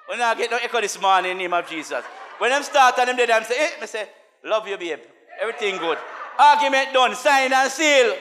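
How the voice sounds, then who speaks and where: A man preaching a sermon as a minister, mixing laughing asides with chanted, call-and-response lines and swinging from soft talk to shouts. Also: extremely high pitch, fast talker, a little hiss or hum.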